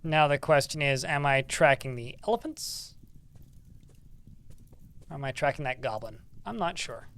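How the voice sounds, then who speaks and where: A man's voice: fairly high pitch, animated, moderate pace, pauses often, a bit bright, clean tone. A man streaming a video game live, commenting on the action with dry, sarcastic asides and reading the game's text aloud.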